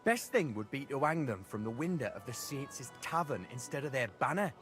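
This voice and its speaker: An actor voicing a cheeky young village prankster with a Northern English accent, talking in brash, animated dialect. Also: male voice, medium pitch, a little fast, faint music behind. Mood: mischievous.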